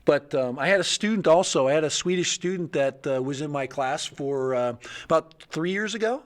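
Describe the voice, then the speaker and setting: Chatty man, slightly higher voice. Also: moderate pace. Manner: rambling, thinking aloud, chuckling. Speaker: livestream host. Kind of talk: casual livestream chat.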